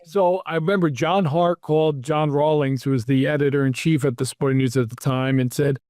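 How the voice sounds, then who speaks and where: A man hosting an interview, telling lively anecdotes about his PR career and acting out the quotes. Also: a little high, fairly quick, dry recording, clean studio sound. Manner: animated anecdotes, acts out quotes. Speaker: podcast host, PR executive. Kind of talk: casual storytelling interview.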